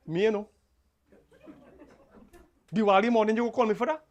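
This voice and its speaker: A man's voice: high voice, a little fast, pauses often. Man preaching a funeral sermon. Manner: preaching, repeats key lines, swings between soft and loud. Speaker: officiating pundit at a funeral.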